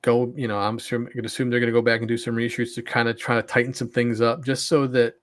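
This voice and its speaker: A man's voice: mid-range voice, level tone, fast talker. A man co-hosting a podcast, giving opinions in casual chat and often restarting his sentences. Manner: opinionated, repeats words when starting. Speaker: podcast co-host.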